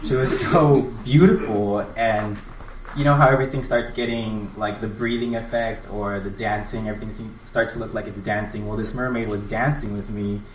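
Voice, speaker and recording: A man tells a personal story at a live event in an earnest, halting way, often restarting mid-phrase. His voice sits a little low. It is picked up from a distance in a reverberant room with faint ambient noise. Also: steady tone. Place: live event space with an audience.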